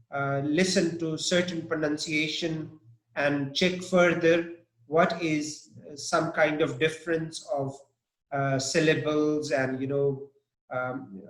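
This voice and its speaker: Male English teacher, slow and halting, slightly high voice, echoey room. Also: fairly bright tone. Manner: slow, halting, many fillers and "okay?" checks. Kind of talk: live pronunciation lesson.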